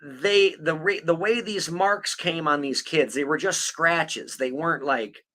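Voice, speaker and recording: A man's voice: a little high, a little slow, sharp tone. A man hosting a podcast, chatting casually about true crime in a blunt, profane, mocking way, rambling with lots of fillers. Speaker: podcast host.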